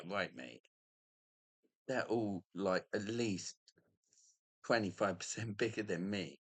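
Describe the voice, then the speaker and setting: A man with a lowish voice talks slowly and unhurriedly in a meandering monologue to camera. He swears casually and drifts from one thought to the next. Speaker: vlogger. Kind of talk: rambling monologue.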